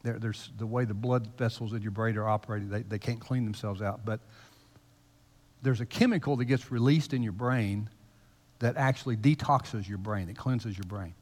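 A male pastor giving a conversational, teasing sermon in a church, his voice swinging between loud emphasis and hushed asides. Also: fairly low pitch, moderate pace. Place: church sanctuary. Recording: long reverb of a large hall.

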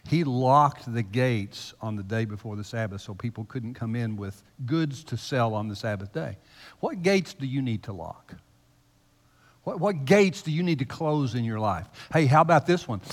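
Preaching in a church sanctuary, this male pastor uses a mid-range voice and a chatty, teasing style, alternating between loud, emphatic moments and hushed asides. The sound carries the long reverb of a large hall.

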